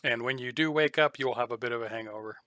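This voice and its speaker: Bright, clear-voiced man narrating a tabletop game. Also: mid-range voice, fast talker, dry recording. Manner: relaxed, rambling narration with frequent ums. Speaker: game master.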